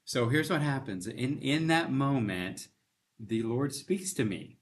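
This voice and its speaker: A man's voice: mid-range voice, animated, unhurried, slight background noise. A middle-aged man, a bank CEO, earnestly telling a personal faith story in an interview and acting out the dialogue. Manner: earnest storytelling, emotional, acts out quoted dialogue. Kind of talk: conversational testimony in an interview.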